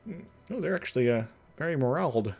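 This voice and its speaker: A young man streaming a strategy game, thinking out loud in casual commentary, chuckling and humming to himself as he plays. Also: a little high, lively intonation, quick pace, husky, soft background music.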